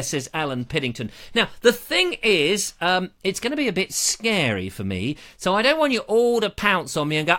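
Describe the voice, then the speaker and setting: A man's voice: sits high, very animated, moderate pace, hardly any pauses, sharp tone. A man hosting a casual livestream, jokey and rambling, chatting into a lavalier mic. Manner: jokey, rambling, slips into silly voices. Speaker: livestream host.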